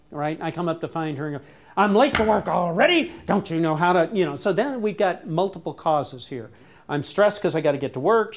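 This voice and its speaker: A man giving a seminar talk as a visiting professor, talking casually and freely, swearing and acting out heated exchanges. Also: a little high. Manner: animated, acts out quarrels with sudden loud outbursts. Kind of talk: academic seminar discussion.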